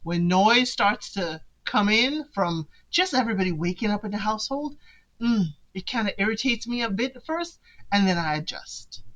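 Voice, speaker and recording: A woman's voice: medium pitch, expressive, moderate pace, a bit bright, highs cut off. A woman hosting a podcast, recapping a show in casual, chatty commentary and talking straight to her listeners with teasing asides. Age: adult parent of sons.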